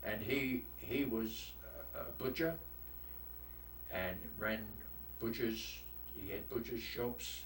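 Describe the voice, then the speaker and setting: Speaking slowly in a fairly low voice, a London war veteran in his eighties tells blunt, salty stories for an oral history interview. The room echoes, the mic is distant, and there's faint noise.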